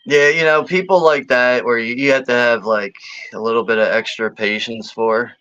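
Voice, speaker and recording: A man's voice: medium pitch, steady tone, normal speed, sharp tone, dry recording. A man co-hosting a casual chat, laid-back and full of fillers, chuckling as he talks. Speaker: co-host. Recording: dull lo-fi dry sound.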